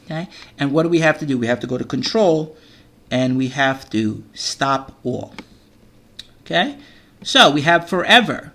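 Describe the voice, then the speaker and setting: A man's voice: medium pitch, expressive, moderate pace, sharp tone. A man teaching a children's coding lesson over a screen recording, explaining step by step and checking in with "okay?" as he goes.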